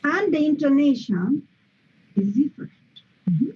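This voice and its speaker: A woman's voice: sits high, very animated, measured pace, muffled recording, slight background noise. A woman teaching English grammar in an online lesson, explaining step by step with frequent "mm-hmm" and "okay" checks.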